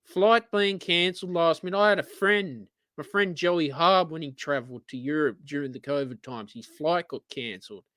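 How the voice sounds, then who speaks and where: A man's voice: fairly high pitch, normal speed, hardly any pauses, fairly bright tone, no echo. Ranting, exasperated Australian man. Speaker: host of an online radio-style show. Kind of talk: live-streamed solo rant.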